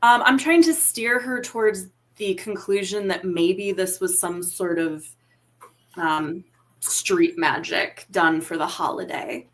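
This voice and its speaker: A woman's voice: fairly low pitch, slow. A woman playing a tabletop game, politely and tentatively explaining what her character does. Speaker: player. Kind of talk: tabletop role-play chat.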